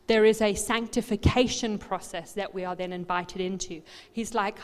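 A woman pastor preaching a sermon, swinging from quiet asides to loud, animated outbursts. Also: medium pitch, normal speed, hardly any pauses. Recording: long hall reverb.

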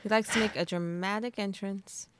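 A woman's voice: medium pitch, steady tone, moderate pace, a little hiss or hum. A woman co-hosting a casual book discussion, adding short wry comments and agreeing murmurs. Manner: brief reactions and wry interjections. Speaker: podcast co-host.

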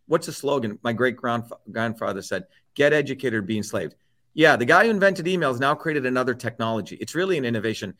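In a medium-pitched, fairly bright voice, a middle-aged guest goes off on a heated political tirade. He swears without letup and pounds home his points through repetition.

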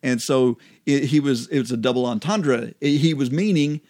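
A man co-hosting a casual Bible study chat, relaxed and laughing often as he explains. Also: mid-range voice, moderate pace. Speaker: co-host.

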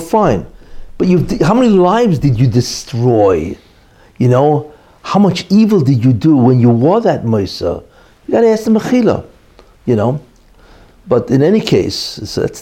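A man's voice: mid-range voice, mellow, breathy edge. A man teaching an informal religious class, telling a story with many "you know" asides and restarts. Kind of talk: informal Torah class talk.

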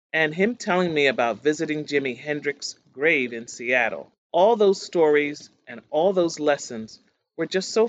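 A man reading magazine news stories aloud in a steady read-aloud delivery. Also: on the high side, poor audio. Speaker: news reader.

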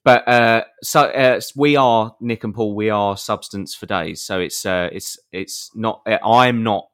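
This is a British man with a fairly low voice, co-hosting a casual live podcast. He jokes, swears freely and laughs often as he chats with his co-host. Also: measured pace, clean tone. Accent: British English. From Britain.

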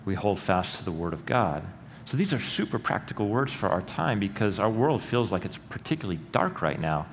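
Middle-aged guy pastor preaching, lowish voice, echoey church hall with faint hum behind, gets loud and punchy on key points. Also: sing-song, fairly quick. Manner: earnest preaching with sudden loud emphatic rises. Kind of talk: sermon. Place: church sanctuary. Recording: long hall reverb with faint room noise.

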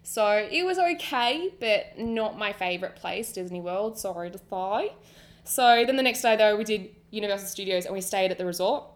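A woman's voice: mid-range voice, moderate pace. Chatty Australian woman podcast host. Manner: enthusiastic, chatty storyteller. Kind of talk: casual chat.

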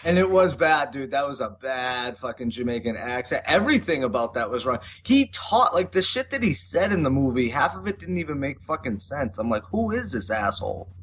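A man co-hosting a casual movie review podcast, excitable, laughing a lot and calling others dude. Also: medium pitch, fairly quick, few pauses, slight background noise. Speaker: podcast co-host.

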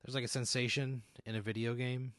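A man's voice: medium pitch, level tone, brisk, a bit bright, no room sound, clean studio sound. A man running an improvised role-play game as game master, narrating in a rambling way with many fillers.

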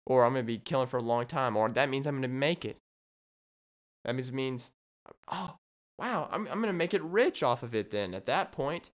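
A man's voice: medium pitch, clear, resonant tone. A man hosting his own solo podcast, rambling in a jokey way and riffing on silly ideas. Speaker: podcast host. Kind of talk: solo comedic podcast monologue.

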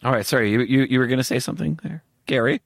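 A man's voice: mid-range voice, very fast, vocal fry, soft background music. A man hosting a podcast, joking around and making prank phone calls with mock urgency. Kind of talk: casual prank-call banter.

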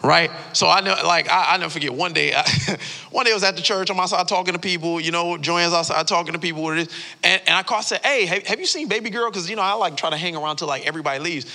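A male pastor delivers an animated, story-driven sermon full of casual slang. His voice is high and sharply bright with a gravelly texture. It rings with the long reverb of a church hall. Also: quick pace. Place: church sanctuary.

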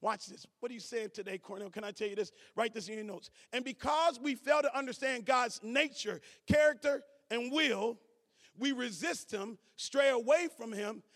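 A man preaching a sermon as pastor, calling to the congregation, swinging from shouts to low asides. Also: normal speed. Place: church sanctuary. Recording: church hall reverb.

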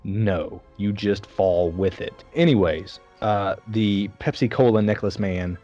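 Low-voiced sarcastic man ranting about a film. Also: unhurried, highs cut off, faint music behind. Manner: sarcastic, animated storytelling with mocking voices. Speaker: podcast co-host reviewing a film. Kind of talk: casual chat.

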